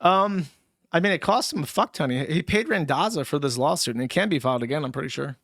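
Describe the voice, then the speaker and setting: A man hosting a livestream, reading paid chat messages and ranting in a crude, mocking way, sometimes jumping into squeaky put-on voices. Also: expressive, fast talker, fairly bright tone, no echo, clean studio sound. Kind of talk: casual crude livestream rant.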